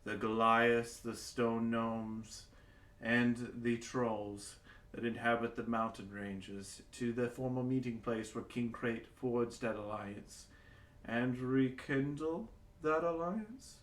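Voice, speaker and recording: A man doing a hushed high elf official. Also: slow, roomy sound, rough recording. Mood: solemn. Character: shabby male high elf court executor.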